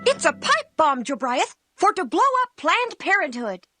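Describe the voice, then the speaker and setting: A mischievous cartoon kid chirps in a very high, bouncy squeak. The tone is bright and cutting, with lively leaps in pitch. The sound is close and dry. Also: female voice, moderate pace, dry recording, soft background music, full character voice. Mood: gleeful. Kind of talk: cartoon voice acting.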